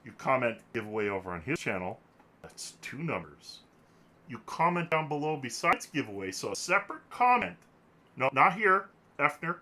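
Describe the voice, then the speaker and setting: A man hosting a casual podcast, his pitch swinging widely as he jokes and rambles. His voice is bright and forward. He laughs often, talking into a desk microphone. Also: big pitch swings, moderate pace, a little hiss or hum. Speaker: podcast host.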